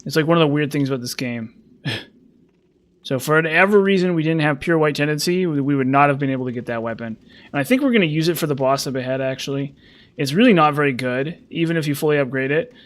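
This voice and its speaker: A man's voice: fairly high pitch, fast. Rambling man commenting on a game. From United States. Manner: rambling, self-correcting, thinking aloud. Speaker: gaming commentator. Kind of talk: casual gameplay commentary.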